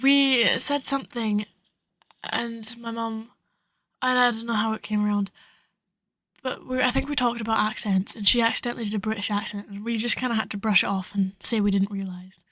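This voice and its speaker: Teen girl co-host, laid-back and giggly storyteller, slightly high, dry close sound. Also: steady tone, fairly quick, fairly bright tone, dry recording, poor audio. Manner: laughing storyteller, easygoing. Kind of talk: casual chat.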